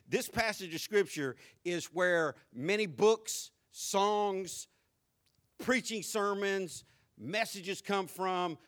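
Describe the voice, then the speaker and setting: A middle-aged male pastor preaching a sermon, calling out to his congregation and telling stories, rising to animated shouts. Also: high-pitched. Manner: preaching with audience call-outs and storytelling.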